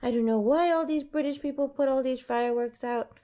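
A woman's voice: high voice, brisk, dark tone, pitched above the performer's own voice, lightly acted. A woman voicing her upset little female pet dog in a whiny, complaining way.

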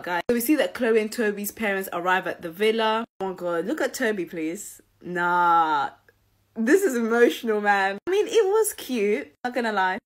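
A woman's voice: medium pitch, fairly bright tone. A young woman giving casual, gushing commentary on a reality TV show and talking straight to her viewers. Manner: gushing, chatty, addresses viewers directly.

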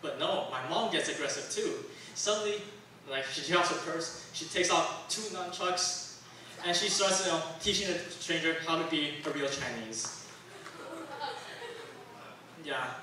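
A man's voice: fairly high pitch, lively intonation, measured pace, long pauses, pushed and bright, a little hiss or hum. A young man from Taiwan doing a stand-up comedy set, rambling and self-deprecating with lots of fillers, on a club stage. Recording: very echoey room, distant mic.

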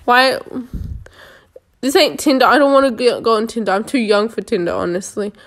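A woman's voice: on the high side, moderate pace, fairly bright tone. A woman giving casual, sarcastic running commentary while playing a police game, joking and talking to herself.

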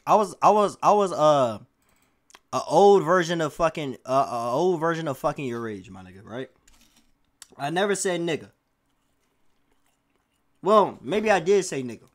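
A man streaming live and reacting to a video, talking loosely in slang and swearing as he quizzes his chat. His voice sits high and swings widely in pitch. It is casual chatter picked up on a streaming mic. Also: animated, moderate pace, pauses often.

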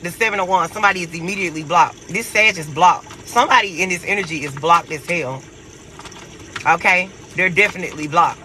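A man with a high, sharply bright voice gives a loose tarot reading to his viewers. He talks in a brash, profane, animated way. A faint hiss sits under the recording. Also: brisk, poor audio. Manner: profane, animated, laughs a lot. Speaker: tarot reader.

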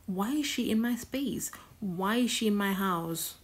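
A woman's voice: medium pitch, lively intonation, a little slow, slightly rough. A woman whispering as an indignant graveyard spirit.

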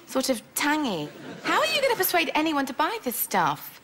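A wry sardonic ad director. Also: female voice, high voice, huge pitch swings, normal speed, noisy background. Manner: wry, questioning. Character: sardonic woman ad account director. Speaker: account director. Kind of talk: studio sitcom acting.

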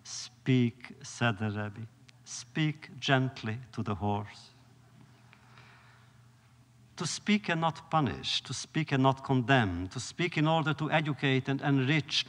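A man's voice: medium pitch, expressive, fairly bright tone. Solemn male lecturer in a reverberant hall. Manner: measured, solemn, with dramatic pauses. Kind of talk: storytelling lecture.

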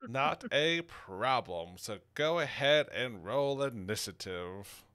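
A man acting as game master in a tabletop game, talking in halting bursts with many fillers. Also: medium pitch, expressive, a bit bright, no room sound, studio quality. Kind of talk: running a tabletop game over voice chat.

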